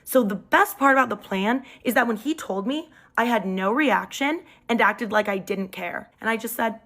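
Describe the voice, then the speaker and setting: A woman's voice: on the high side, normal speed, few pauses, fairly bright tone. A young woman telling a dramatic personal story in a chatty, casual storytime style, leaning hard on emphasis.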